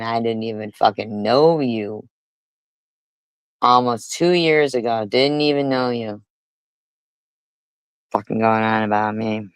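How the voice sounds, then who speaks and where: A woman's voice: very deep voice, takes it slowly, long pauses, clear, resonant tone, no room sound. A woman live streamer ranting angrily and cursing often, repeating herself as she argues with critics. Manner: angry, profane, repetitive. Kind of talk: heated livestream rant.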